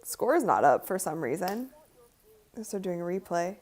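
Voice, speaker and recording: A woman's voice: fairly low pitch, big pitch swings, normal speed, a little mellow. A woman hosting a live-streamed basketball watch party, chatting casually and giggling as she comments and talks to her viewers.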